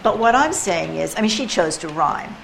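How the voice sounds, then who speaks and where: A woman leading a poetry workshop, chatting casually with quick asides while recorded in a classroom. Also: on the low side, lively intonation, creaky, crowd noise, rough recording. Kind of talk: casual teaching talk. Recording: room ambience and background noise.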